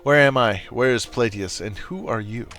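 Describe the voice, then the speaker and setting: A man's voice: mid-range voice, moderate pace, fairly bright tone, close to an everyday voice. A man reading the lines of a confused, impatient male commander just woken from long sleep, in a demanding, questioning way. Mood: puzzled. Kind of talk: reading game dialogue aloud.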